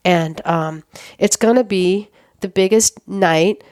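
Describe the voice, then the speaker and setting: A middle-aged woman, a guest on an interview show, tells a story in a casual, animated way and acts out the dialogue she quotes. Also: medium pitch, takes it slowly, no room sound, clean studio sound.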